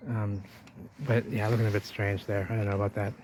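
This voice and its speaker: Low-voiced guy rambling on his walk by an old wall, faint outdoor hiss behind. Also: level tone, brisk, darkish tone. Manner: rambling, talks to viewers while walking. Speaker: vlogger. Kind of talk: walking explorer vlog.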